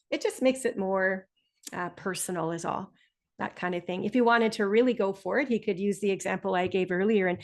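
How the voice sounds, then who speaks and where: A woman teaching a test prep webinar, explaining scores in a clear, friendly way. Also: medium pitch, fairly quick. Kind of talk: instructional webinar.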